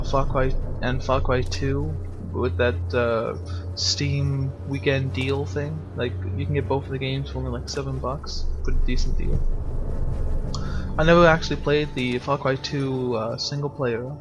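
A man's voice: mid-range voice, dull audio. A young man giving casual gameplay commentary as a let's player, jumpy and swearing with frightened outbursts. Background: game music.

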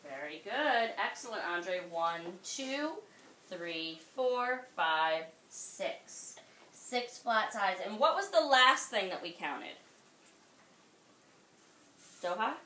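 Woman teacher quizzing a class, patient and encouraging, bright voice, echoey classroom, mic a bit far off. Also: mid-range voice, animated, slow, slight background noise. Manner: patient, encouraging, praises and quizzes children by name. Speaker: second grade teacher.

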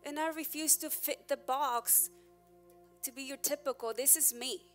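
A woman pastor preaching a candid, emphatic sermon, her loudness rising and falling as she presses her points. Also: high-pitched, steady tone, a little slow, faint music behind.

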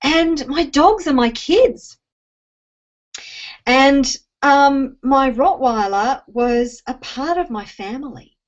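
A woman's voice: high voice, animated, slow, dull audio. Teary Australian woman telling a story. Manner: emotional, teary, with many ums and restarts. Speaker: speaker addressing an online audience. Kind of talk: personal storytelling talk. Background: rain.

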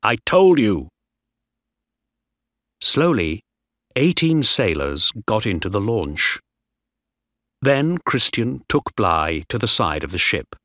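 A man reads a storybook aloud in a clear, measured storytelling voice. His pace is slow, his pitch rises and falls expressively, and the voice is slightly low. The recording is dry and close. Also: sing-song, bright, forceful tone, dry recording. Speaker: narrator. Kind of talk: audiobook reading of a graded reader.

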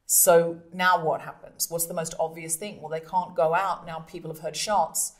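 A woman comedian and podcast host telling stories in an interview, animated and acting out scenes with voices. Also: fairly low pitch, normal speed. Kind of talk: storytelling interview.

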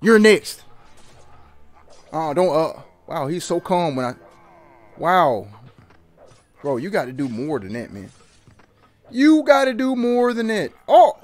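Animated young man commentating a game. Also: fairly high pitch, slow, pauses often. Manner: animated, yelps and laughs, trash-talks the opponent. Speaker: gaming channel host. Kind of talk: excited gameplay commentary.

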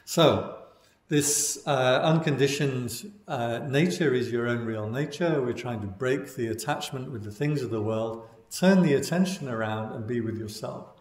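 A man teaching meditation as a Buddhist monk, giving a dhamma talk in a relaxed storytelling way with wry asides. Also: medium pitch, measured pace. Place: meditation class in a room. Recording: roomy echo.

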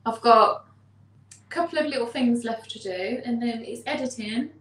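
A woman's voice: a little high, moderate pace, fairly bright tone. Woman teasing, a bit off-mic. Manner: teasing, blunt, joking. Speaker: co-host of a live stream. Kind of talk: casual live-stream chat. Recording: echoey room, a little far from the mic.

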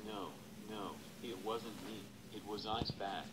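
Synthetic man voicing a snarling bully doll from a cartoon, low-ish voice, heavy hiss behind. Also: fairly even intonation, measured pace, natural voice. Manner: snarling and crude. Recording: loud hiss and background noise.

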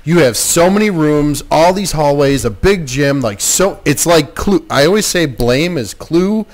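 A man's voice: a little high, a little slow. A man, a filmmaker guest, telling stories in casual chat and acting out the voices he quotes. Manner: animated, acts out quoted voices. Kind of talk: casual storytelling.

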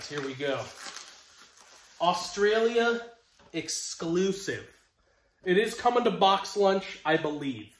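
A man's voice: on the high side, reverberant. A young man from the United States chatting casually as he unboxes collectibles, rambling and self-deprecating with frequent restarts. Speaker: collectibles vlogger.

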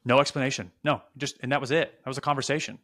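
A young adult man casually telling funny stories on a podcast, animated and profane, with frequent restarts. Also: medium pitch, very fast. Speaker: podcast co-host. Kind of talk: casual storytelling chat.

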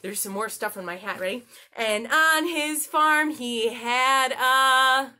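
A woman hosting a children's story time, teaching letter sounds and singing nursery songs in an animated, sing-song way, talking straight to the kids. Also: high voice, slow.

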